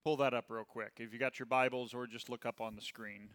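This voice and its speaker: A man leading a Bible study class, talking casually with his group and often asking "okay?", and reading scripture slowly and with emphasis. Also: medium pitch, steady tone, fairly bright tone, in a large hall. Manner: conversational, checks in with "okay?" often.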